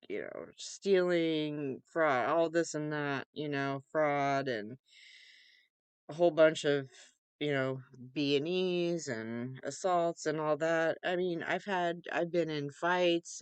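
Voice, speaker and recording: A young woman talks off the cuff at home, drawn out and rambling, with easy laughs. Her voice is smooth and slightly low. The sound is dry and close. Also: no echo. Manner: chatty, rambling, laughs easily; baby-talks to her cat in a high voice. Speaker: vlogger. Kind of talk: off-the-cuff casual vlog.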